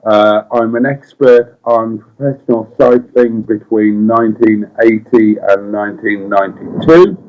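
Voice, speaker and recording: A middle-aged man with a Welsh accent chats on a casual live stream, wry and playful. He reads viewer comments aloud and answers them at an easy, middle pitch. The sound is dull and a little lo-fi. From Wales. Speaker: co-host.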